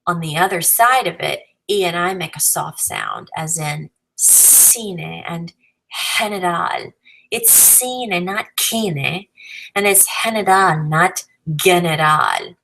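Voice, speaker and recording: A woman's voice: lowish voice, wildly swooping pitch, slow, gravelly, pushed and bright, a little hiss or hum, rough recording. A woman teacher explaining grammar patiently, step by step, spelling out letters as she goes. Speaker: Spanish teacher. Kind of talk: recorded grammar lesson.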